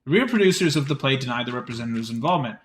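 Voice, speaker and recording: A man's voice: medium pitch, animated, fairly bright tone, a little hiss or hum. A man streaming live, reading an article aloud and breaking off for casual, chatty asides. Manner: quick chatty reading with many fillers and restarts.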